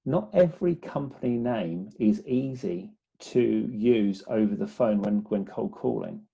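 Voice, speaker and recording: A man who is a business development guest on an interview, speaking haltingly with many restarts. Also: lowish voice, creaky, mellow, dull audio. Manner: hesitant, many restarts and fillers. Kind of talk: conversational interview.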